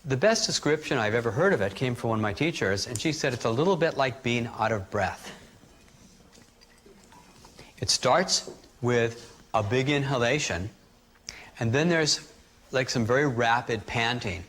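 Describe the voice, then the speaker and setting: Man calmly guiding breathing exercises. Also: mid-range voice, moderate pace, long pauses, slight background noise. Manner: calm, guiding, demonstrates breathing aloud. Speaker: energy healing teacher. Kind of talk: instructional workshop teaching.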